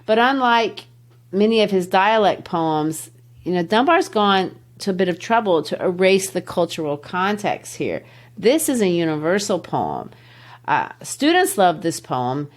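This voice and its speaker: A middle-aged woman, a literature teacher who hosts a podcast, explains a poem in conversation in an emphatic, teacherly way, slowing down and speeding up to stress her points. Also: on the low side, big pitch swings. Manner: teacherly, emphatic, shifts pace to stress words.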